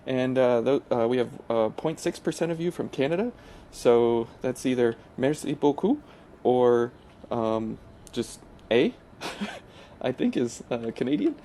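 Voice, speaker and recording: A man hosts his gaming channel, chatting through gameplay in a loose, hesitant way full of pauses and restarts. His voice is mellow and relaxed at a middling pitch. A faint hiss sits under the recording. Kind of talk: casual gameplay commentary.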